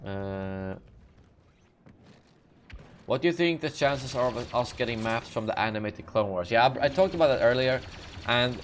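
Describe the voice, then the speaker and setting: Young male streamer host, mid-pitched, casual and meandering, yawny, self-correcting, faint background noise. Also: lively intonation, normal speed, pauses often. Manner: rambling, self-correcting, lots of fillers. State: sleepy, yawning. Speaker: gaming channel host. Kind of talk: live Q&A, reading and answering chat questions.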